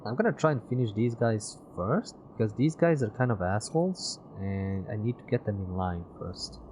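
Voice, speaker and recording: A man's voice: normal speed, a little mellow, slight background noise. A man streaming a game, mumbling his moves to himself and reading the story narration aloud. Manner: mutters to himself, low and offhand. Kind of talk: let's-play commentary and narration. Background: music.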